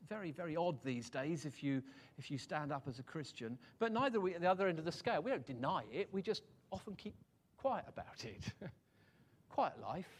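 A man's voice: a little high, big pitch swings, fairly quick, breathy edge. A man preaching a conversational sermon, self-deprecating and chuckling, often repeating words as he gathers his thoughts.

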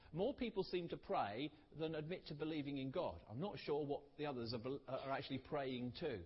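A man preaching a sermon, earnest and storytelling, letting key words trail off softly. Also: a little high, husky. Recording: dull recording in a reverberant hall.

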